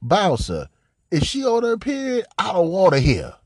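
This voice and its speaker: A man giving casual, profane commentary on a recorded phone call, mocking, repetitive and animated, often laughing and coughing. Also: high voice, normal speed, no echo, studio quality. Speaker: commentator reacting to a leaked call.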